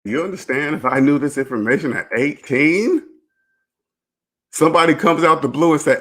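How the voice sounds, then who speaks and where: A man's voice: a little high, moderate pace, a bit bright. Man, finance channel host, casual to-camera rant, emphatic and preachy, blunt with profanity, keeps asking rhetorical questions. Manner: blunt and profane, with brief laughs. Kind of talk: casual direct-to-camera monologue.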